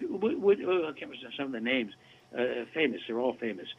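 A man in his seventies, a voice actor guest telling animated, chatty anecdotes in a casual interview over a remote call. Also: medium pitch, fast talker, husky. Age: 70s. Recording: tinny phone-like line.

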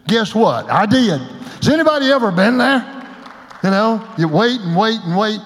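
An older male pastor with a high voice delivers a folksy, joking sermon. He breaks now and then into loud shouts. Long reverb from a church hall trails after his words. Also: very animated, normal speed. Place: church sanctuary.

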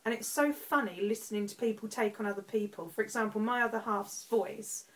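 A woman's voice: mid-range voice, fairly even intonation, fairly quick, rough recording. A woman with an Essex accent co-hosting a home podcast, chatting casually and laughing often. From Essex, England. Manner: giggly, playful, laughs often. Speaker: podcast co-host. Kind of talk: casual chat. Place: home living room, TV on.

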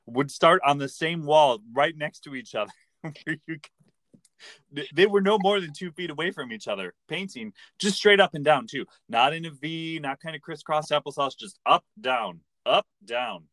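A man's voice: a little high, moderate pace, a bit bright, no room sound. Wry man hosting a podcast, dry sound. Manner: wry, playful, mock-serious. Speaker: podcast host. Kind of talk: casual chat recapping a TV episode.

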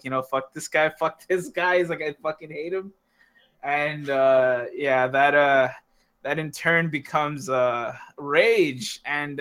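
A man's voice: a little high, pushed and bright, clear, resonant tone. A young man telling a film plot among friends in casual chat, rambling and profane, with lots of fillers.

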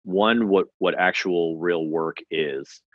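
Very deep-voiced male podcast host. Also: slow, no room sound, dull audio. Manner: encouraging and reflective, with repeated "you know". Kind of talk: conversational interview.

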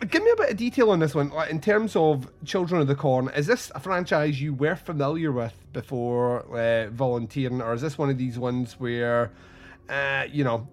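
A man hosting a podcast, chatting in an enthusiastic, easygoing way. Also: mid-range voice. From Scotland. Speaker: podcast host. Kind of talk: casual chat.

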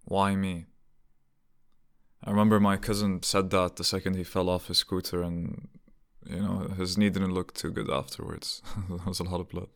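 A man's voice: deep voice, level tone, brisk, creaky. A young man talking casually and reflectively to himself, rambling through rhetorical questions with frequent restarts.

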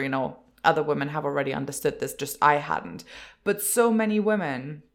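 A woman with a fairly low voice tells a personal story to her listeners. She speaks from the heart, often restarting her sentences as she gets emotional. Her delivery is warm and unscripted, like a candid monologue. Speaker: host.

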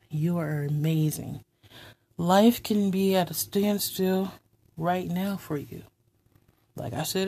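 Low, husky-voiced woman speaking tenderly. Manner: earnest, tender, slipping into soft whispered stretches. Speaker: host of an inspirational talk segment. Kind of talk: heartfelt faith-based monologue.

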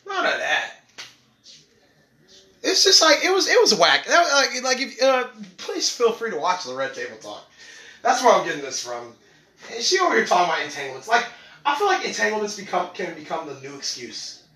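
A man's voice: high-pitched, big pitch swings, brisk, sharp tone. A man hosting a podcast, joking and slangy, laughing often in a comic monologue. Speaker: podcast host. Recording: roomy, away from mic.

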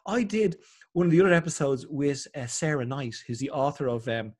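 A middle-aged Irish man chatting as a podcast guest, telling animated stories and acting out other people's voices. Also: on the high side, a little fast, slightly rough. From Ireland. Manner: animated storyteller, acts out voices. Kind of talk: casual chat.

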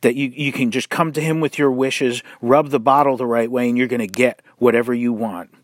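A man preaching, blunt and mocking, with sarcastic asides, slow and deliberate, drawing out words for emphasis. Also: medium pitch, fairly even intonation, no echo. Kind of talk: sermon-style commentary.

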